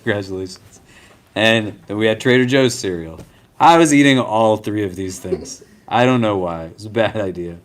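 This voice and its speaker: A man's voice: lowish voice, moderate pace. A man teaching a casual religious class as an imam, talking conversationally with self-deprecating humor and often asking "right?" and "does that make sense?". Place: lecture room at a university Islamic center.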